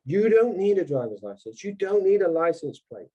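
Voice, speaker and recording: A man's voice: high-pitched, big pitch swings, moderate pace, warm tone, lo-fi sound. A man speaking emphatically on a call, repeating his points and acting out imagined exchanges. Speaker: guest speaker. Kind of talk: animated call talk.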